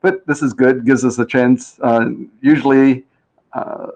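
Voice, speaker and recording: A man's voice: mid-range voice, steady tone, measured pace, darkish tone. A man hosting a game show live stream, chatting casually and reading out viewer comments. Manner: chatty and rambling, reads chat aloud, plays with pronunciations.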